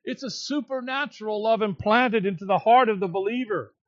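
A man preaching an expository sermon, stressing his points with deliberate, emphatic repetition. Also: sits high, dry recording, highs cut off.

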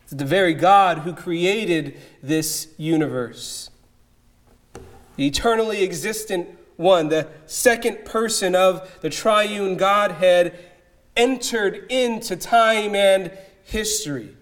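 A man preaching an expository sermon, emphatic and measured, with dramatic pauses. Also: high-pitched, a bit bright.

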